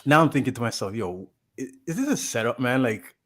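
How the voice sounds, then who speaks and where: This podcast co-host, a man with an expressive mid-range voice, talks a little fast as he casually winds through a long tale. He keeps saying "like," restarts his sentences, and performs other people's lines.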